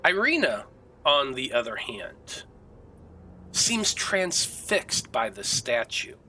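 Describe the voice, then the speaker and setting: A man's voice: mid-range voice, big pitch swings, takes it slowly, bright, forceful tone, slight background noise, rough recording. A man narrating a tabletop game as game master, describing scenes vividly.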